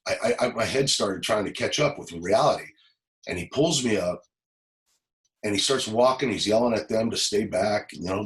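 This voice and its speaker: A man from Los Angeles, a former police officer, telling an emotional personal story in an interview, halting and repeating words as he goes. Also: lowish voice, a bit bright, poor audio.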